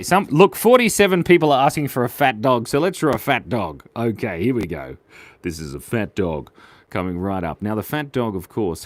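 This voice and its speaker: Guy hosting a live drawing stream, excitable and playful, bouncy pitch. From Australia. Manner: excitable, playful, chatty with viewers. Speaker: livestream drawing host.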